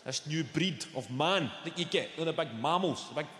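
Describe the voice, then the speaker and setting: Scottish man doing animated stand-up in a hall. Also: on the high side, fairly quick. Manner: swearing, animated storytelling with voiced impressions. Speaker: stand-up comedian. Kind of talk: stand-up comedy routine. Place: large comedy venue on stage. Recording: echoey hall with live audience noise. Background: audience laughter.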